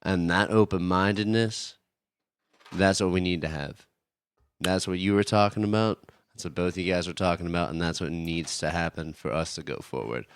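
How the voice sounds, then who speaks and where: A podcast guest talks bluntly in a studio and laughs easily. He has a very deep, smooth voice with a bright edge. The mic sounds dry and close. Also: normal speed, no room sound. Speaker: teacher and art collective guest. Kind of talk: casual chat.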